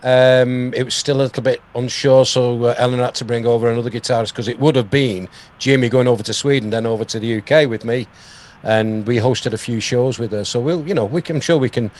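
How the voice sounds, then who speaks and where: A man's voice: medium pitch, steady tone, fairly quick, darkish tone. A man from England hosting an interview, chatting casually and trailing off into fillers. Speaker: radio host, interviewer.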